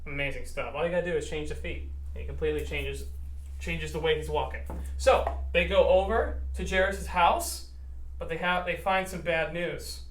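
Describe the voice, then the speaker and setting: A male pastor giving a children's Bible lesson, telling the story in a playful, animated way and acting out the characters. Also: on the high side, moderate pace. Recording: roomy echo.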